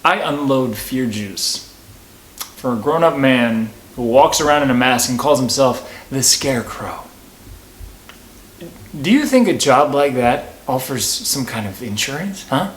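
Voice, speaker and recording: A man playing a struggling working-class henchman and father, talking in halting, stammering bursts in a mock documentary interview. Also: medium pitch, animated, lightly acted. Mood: indignant. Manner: halting, stammering, full of restarts.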